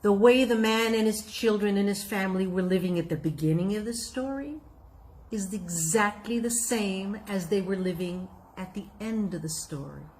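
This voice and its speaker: A woman telling a folk tale in an expressive, reflective way, then drawing out its lesson. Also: mid-range voice, moderate pace. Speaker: storyteller. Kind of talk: folk tale storytelling with a moral.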